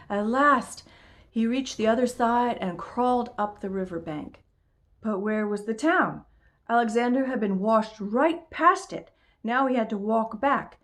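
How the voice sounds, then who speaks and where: A woman in a middle pitch reading a children's story aloud in a calm, expressive voice. She slows down on the dramatic moments and lets her voice drop at the end of phrases.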